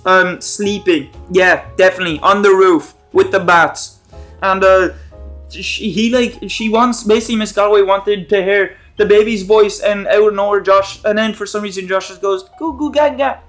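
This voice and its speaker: A man's voice: high voice, a bit bright. A young man recapping a TV episode in a rambling, profane, casual way with lots of fillers. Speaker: YouTube commentator.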